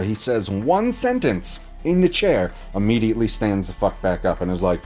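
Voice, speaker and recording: A man recapping a TV episode in a casual, profane, animated way, sarcastic and acting out characters' lines. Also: lowish voice, moderate pace, hardly any pauses, soft background music. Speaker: TV episode reviewer.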